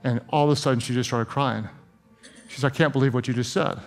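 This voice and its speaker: A man's voice: medium pitch, fairly even intonation, quick pace, vocal fry, faint music behind. A middle-aged man preaching as a pastor, telling stories earnestly and then praying with growing fervor. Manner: earnest storytelling, rising to fervent prayer. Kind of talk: sermon and prayer.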